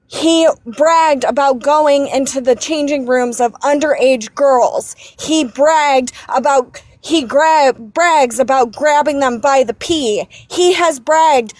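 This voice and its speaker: An angry woman caller speaks fast and emphatically in a high voice. She restarts her sentences and repeats herself as she rants. The sound is dry and close. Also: no room sound. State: angry and shaken. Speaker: caller on a live stream. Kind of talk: impassioned political rant.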